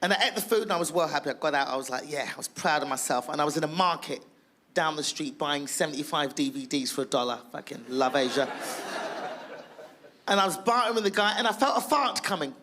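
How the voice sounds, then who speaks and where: Woman doing standup, loud brash and sweary, bright sharp voice, acts out bits. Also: deep voice, expressive, fast, slight background noise. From England. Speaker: stand-up comedian. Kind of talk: stand-up comedy.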